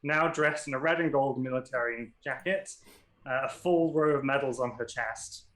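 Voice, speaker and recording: A man's voice: medium pitch, normal speed, a bit bright. A man narrating and running a tabletop game as game master, casual and often laughing. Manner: casual, laughing, loose with fillers.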